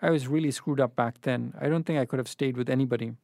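A man's voice: medium pitch, fast, gravelly, a little mellow, no room sound, studio quality, natural voice. A man reading as a nervous, pleading young woman. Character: anxious young woman hoping for a baby.

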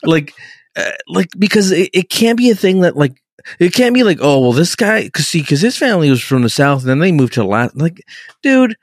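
Man, podcast co-host, rambling, excitable, slightly higher voice, dry close mic. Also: fairly quick, no room sound. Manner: rambling, excitable, swears a lot, says dude. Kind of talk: casual chat.

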